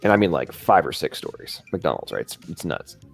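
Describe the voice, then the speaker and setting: Deep-voiced American man, rambling host. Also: sing-song, a little fast, gravelly, faint music behind. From England. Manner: rambling, tags lines with "right?". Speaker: live stream host. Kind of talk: casual chat, storytelling.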